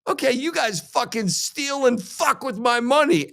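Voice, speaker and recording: A man's voice: high-pitched, big pitch swings, moderate pace, hardly any pauses, fairly bright tone. A man hosting a crypto show, ranting heatedly and sarcastically with constant swearing. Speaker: crypto podcast host. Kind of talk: profane ranting monologue.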